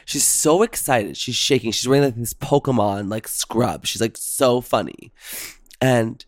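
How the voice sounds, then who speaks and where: A man co-hosting a casual talk show, telling stories in a lively way and acting out what people said. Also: mid-range voice, a little slow, dry recording, clean studio sound. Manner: animated storytelling, acts out quoted voices. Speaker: podcast co-host. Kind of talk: casual chat.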